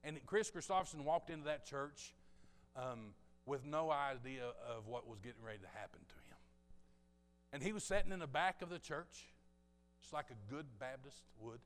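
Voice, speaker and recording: A man preaching a sermon, telling a story with passion and swinging between loud bursts and hushed asides. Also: medium pitch, animated, moderate pace. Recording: long reverb of a large hall.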